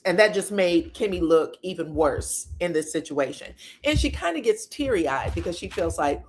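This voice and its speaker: A woman's voice: lowish voice, lively intonation, moderate pace, hardly any pauses. A woman giving a sassy, casual recap of reality TV drama, full of rhetorical questions and blunt asides. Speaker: reality TV commentator.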